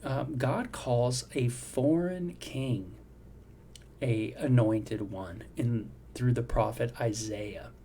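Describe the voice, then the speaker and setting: Warm-voiced man teaching a Bible devotional. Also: mid-range voice, takes it slowly, slight background noise. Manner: conversational, reflective, frequent "you know" and "right?". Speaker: devotional host.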